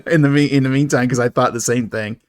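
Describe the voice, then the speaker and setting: A man's voice: medium pitch, fairly even intonation, no room sound, clean studio sound. A man co-hosting a horror movie podcast, joking and laughing often in casual chat. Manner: jokey, quick to laugh. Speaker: podcast co-host.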